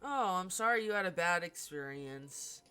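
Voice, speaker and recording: A woman's voice: fairly low pitch, animated, normal speed, sharp tone, clear, resonant tone, soft background music. A woman streamer chatting casually with her viewers while playing, in a talkative way with lots of fillers. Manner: chatty, filler-heavy, talks to chat.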